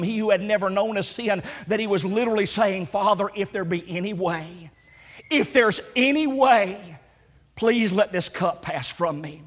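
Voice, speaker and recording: A man preaching a sermon with passion, building to near shouts and slowing down for emphasis. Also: high voice. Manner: impassioned, rising to near shouts when voicing Jesus' prayer; slows down for emphasis, repeats words.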